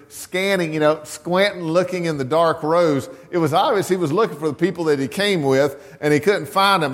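Male pastor, slightly high voice, easygoing sermon delivery, long church reverb. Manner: conversational, chuckling, asks the congregation questions. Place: church sanctuary.

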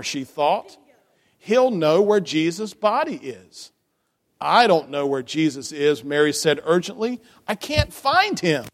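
A man reading a children's story aloud in church, lively and animated, stopping to ask the children questions. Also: a little high. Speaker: children's message leader. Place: church sanctuary. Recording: long church reverb.

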